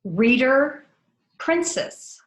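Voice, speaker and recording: A woman teacher leading a phonics lesson for young children, saying each word slowly and clearly for the class to repeat. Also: high-pitched, sing-song. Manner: slow, clearly enunciated word drills. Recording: roomy echo.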